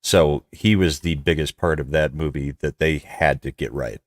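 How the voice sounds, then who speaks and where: A man co-hosting a podcast in casual chat, measured and questioning. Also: very deep voice, no echo, studio quality. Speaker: podcast co-host.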